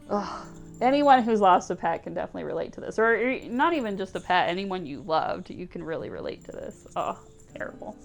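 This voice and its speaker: A woman's voice: on the low side, very animated, quick pace, vocal fry, hardly any pauses, a little hiss or hum. A woman hosting a gaming channel, giving emotional, chatty commentary on a game playthrough. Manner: emotional, chatty, laughs and sighs.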